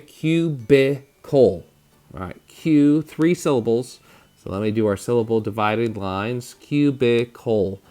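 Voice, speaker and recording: A man with a medium-pitched, darkish voice teaches children a phonics spelling lesson, patiently sounding out words slowly and over-enunciating every syllable.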